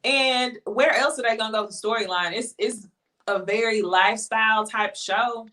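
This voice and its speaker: A woman's voice: fairly high pitch, normal speed, bright, forceful tone, recorded from a distance. A woman co-hosting a casual live chat, blunt and joking, with slangy speech. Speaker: co-host.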